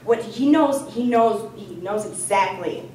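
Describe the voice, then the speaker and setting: A young woman student telling a personal story at a live storytelling event, animated and chatty, full of "like.". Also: mid-range voice, measured pace, slight background noise. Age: young adult. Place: campus lounge storytelling event. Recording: echoey room, voice from far off.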